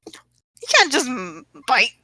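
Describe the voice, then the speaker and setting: A woman playing a tabletop game, speaking haltingly and hesitantly in character. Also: high-pitched, wildly swooping pitch, sharp tone, no room sound, poor audio. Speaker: player.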